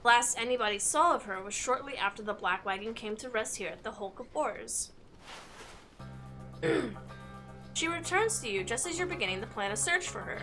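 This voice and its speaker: A woman's voice: on the high side, expressive, moderate pace. A woman streaming a game who reads the story text aloud and breaks off into joking asides. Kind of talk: live game playthrough, reading the story aloud. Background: game music.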